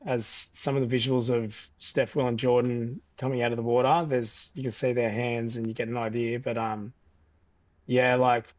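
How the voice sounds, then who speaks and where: A young Australian man telling a story in a casual podcast interview, animated and loose with fillers and restarts. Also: medium pitch, moderate pace, dry recording. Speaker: podcast guest.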